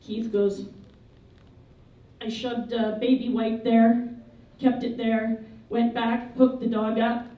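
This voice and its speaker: A woman giving a memorial eulogy, telling funny, lively anecdotes about the people she remembers. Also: on the high side, slow, lo-fi sound. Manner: lively, humorous storytelling. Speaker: eulogy speaker. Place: memorial service hall. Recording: echoey hall, voice from a distance.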